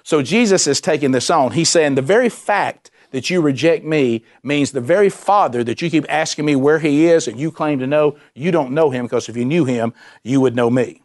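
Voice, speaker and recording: A man preaching a sermon, animated and emphatic, repeating himself and dropping suddenly to a quiet voice. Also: fairly high pitch, moderate pace, few pauses. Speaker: pastor.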